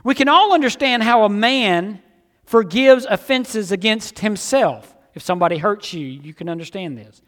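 A man preaching a sermon, swinging between emphatic outbursts and hushed, low passages. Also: animated, moderate pace, in a large hall.

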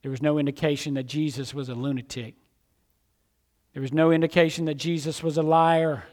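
High-voiced preacher in a reverberant hall. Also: male voice, little pitch movement, brisk. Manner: emphatic, swings from loud to hushed. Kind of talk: sermon.

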